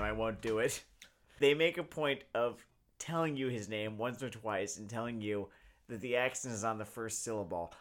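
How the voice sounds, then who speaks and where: A tipsy man co-hosting a casual review chat, talking in a halting, hesitant way. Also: mid-range voice, a bit bright. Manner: halting, hesitant, full of ums. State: tipsy from drinking. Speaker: podcast co-host.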